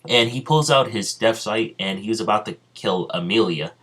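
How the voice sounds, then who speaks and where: A man improvising a fan-fiction story aloud, halting and full of ums and restarts, his throat sounding strained. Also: fairly low pitch, a bit bright.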